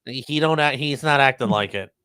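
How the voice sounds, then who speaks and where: Chill guy hosting a loose chat, middle pitch, super dry close sound. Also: a little fast, bright, forceful tone, clear, resonant tone, dry recording. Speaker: host. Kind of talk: casual livestream chat.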